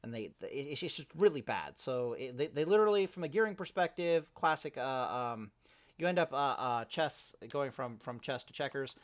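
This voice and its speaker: A man's voice: mid-range voice, expressive, moderate pace. A man ranting in a casual home-recorded monologue, profane and rambling, often restarting his sentences. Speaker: gaming vlogger. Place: home near a kitchen.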